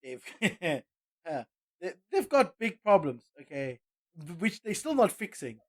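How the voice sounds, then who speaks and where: A high-voiced man co-hosting a casual podcast, giving his opinions with a lot of energy. He tends to stumble and repeat words when he gets worked up. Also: sing-song, measured pace. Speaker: podcast co-host.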